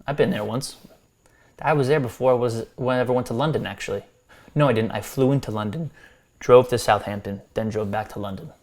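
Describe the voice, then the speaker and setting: A man's voice: medium pitch, brisk, darkish tone. An American man reviewing subscribers' music, talking loosely with restarts and friendly advice. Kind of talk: casual spoken critique.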